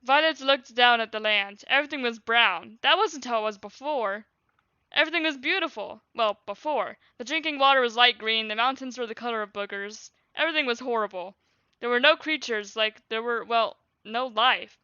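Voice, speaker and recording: Woman streamer, lively reader with chatty asides, bright crisp voice, dry and a little lo-fi. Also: on the high side, moderate pace, dry recording. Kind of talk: reading a childhood journal aloud on a livestream. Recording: dull lo-fi stream audio.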